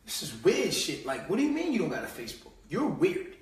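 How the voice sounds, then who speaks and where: A man with a high voice talks in a loose, streetwise live-stream rant, full of swearing and mockery. He drops to low mutters, then bursts out loud. He sounds far from the mic, in a room with a lot of echo. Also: wildly swooping pitch, brisk. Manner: streetwise, profane, mocking, swings between low mutters and loud outbursts. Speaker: host. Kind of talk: casual live-stream monologue.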